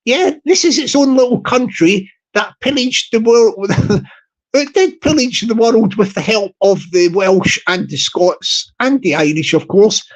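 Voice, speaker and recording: A man's voice: sits high, expressive, a little slow. A man hosting a vlog, talking in a rambling, jokey comic monologue with lots of repetition. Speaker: channel host.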